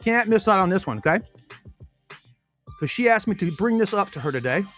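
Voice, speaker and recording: A man with a notably high voice hosts a podcast, rattling off sponsor plugs in a folksy, self-correcting patter. He chews food while he talks. Faint music plays under his voice. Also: expressive, brisk, a bit bright. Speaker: podcast host reading sponsor spots. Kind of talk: casual sponsor talk on a podcast.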